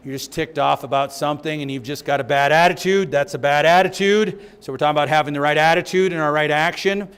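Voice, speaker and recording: A man's voice: on the high side, fairly even intonation, fast talker, few pauses, fairly bright tone, clean tone. A man teaching a Bible study in a church, emphatic and repeating his key phrases.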